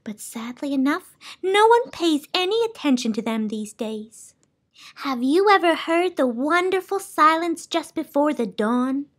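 A woman doing a soft-spoken, dreamy keeper of sound. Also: animated, a little slow. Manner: soft, lilting, high and dreamy. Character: gentle chatty lonely woman keeper of sound. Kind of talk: storybook read-aloud.

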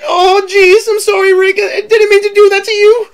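A man's voice: very high voice, flat delivery, moderate pace, pitched above the performer's own voice. A man doing an impression of a nervous, whiny teenage boy who stammers. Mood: panicked.

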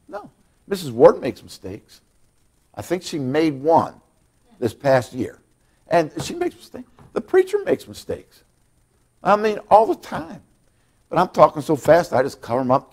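A pastor preaching to his church in a folksy, conversational way. He repeats himself and stumbles over his starts. When he presses a point, his voice leaps much higher and louder before settling back down. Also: sing-song, normal speed. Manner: folksy, repetitive, stammering restarts; rises high and loud when emphatic. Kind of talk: sermon. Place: church auditorium.

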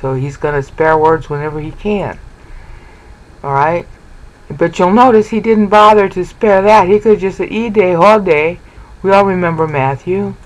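A man teaching a lecture on scripture, animated, often repeating words and checking in with rhetorical questions. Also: high voice, normal speed, rough recording. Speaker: Bible teacher.

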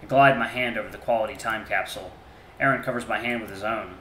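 A man's voice: fairly low pitch, fast, pushed and bright, slight background noise. A man reading a story game aloud in first person, earnest and emotional, now and then restarting a phrase. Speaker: game streamer. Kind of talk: reading a visual novel aloud. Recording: roomy echo.

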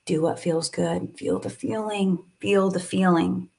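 A woman's voice: on the low side, steady tone, a little slow, gravelly, darkish tone, breathy edge. A woman guiding a live tapping and breathing session, speaking soothingly and coaxingly, with sighs and moments of emotion.

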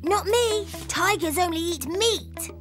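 A woman voicing a cheerful, curious little boy donkey in a cartoon, speaking slowly and gently. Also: extremely high pitch. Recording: children's music playing behind.

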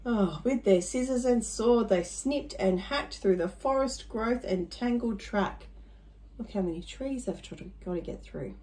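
A woman's voice: on the high side, lively intonation, a little slow, mellow, slight background noise. A woman reading a rhyming picture book aloud to children, adding chatty little asides to her listeners.

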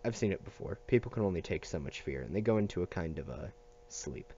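A gruff, methodical older man who speaks low and halting, as a male reader puts him on. His words come out in a dark, mellow mumble on a dull, muffled recording. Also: expressive, slight background noise.

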